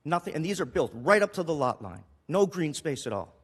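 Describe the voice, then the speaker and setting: A man's voice: on the high side, sing-song, fairly quick, husky, in a large hall. Emotional man pleading at a council meeting. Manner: emotional, pleading, with restarts and repetition. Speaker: city councilor. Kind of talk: impassioned council meeting speech. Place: council chamber.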